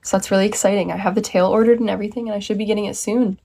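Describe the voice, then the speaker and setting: Brief: young American woman, bubbly livestream host, mid-pitched voice, chats with her viewers. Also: steady tone, racing, vocal fry, dark tone. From United States. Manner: bubbly, reads viewer comments aloud and answers them. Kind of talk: casual livestream chat.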